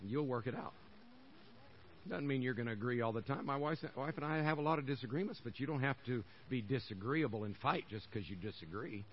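An older man delivers a sermon from the pulpit at a middling pitch. His manner is folksy and conversational, and he drives his points home by repeating phrases. The recording is dull and lo-fi. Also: a little hiss or hum. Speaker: pastor.

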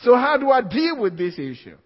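Very high-pitched and fairly quick, this man's sermon swings widely in pitch as he emphatically repeats his key phrases and laughs a little between points. It's recorded in a church hall, sounding dull and lo-fi with a long hall reverb.

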